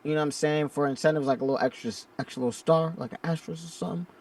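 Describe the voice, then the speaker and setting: Male co-host, higher-pitched, lively and hyped, set back from the mic. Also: very fast, distant mic. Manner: animated, rising into hype. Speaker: sports podcast co-host. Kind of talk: casual chat.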